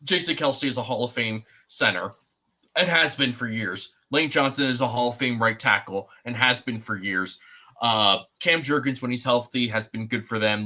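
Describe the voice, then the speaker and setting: A young man co-hosting a sports podcast, talking in a loose, rambling way with plenty of fillers. His voice is bright and forward. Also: mid-range voice. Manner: rambling, many fillers and restarts. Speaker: podcast co-host. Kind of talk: casual sports chat.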